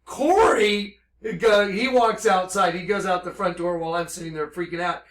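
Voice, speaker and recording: A man giving an impassioned religious monologue, intense and excitable, reading scripture slowly and emphatically, then telling his story at a rush. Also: high voice, roomy sound. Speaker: religious speaker.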